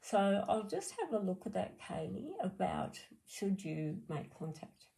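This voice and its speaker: Gravelly Australian woman reading cards. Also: medium pitch, big pitch swings, a little slow, mellow, low-quality recording. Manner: chatty, blunt, answers viewers by name. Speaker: card reader. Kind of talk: live-stream reading.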